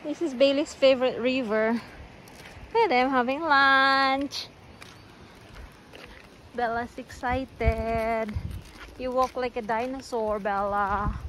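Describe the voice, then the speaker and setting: A woman filming her dogs outdoors by a river, coaxing and praising them in a high sing-song voice. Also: fairly even intonation, takes it slowly, long pauses, a bit bright, slight background noise. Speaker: dog owner filming her pets. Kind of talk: casual vlog narration, talking to dogs.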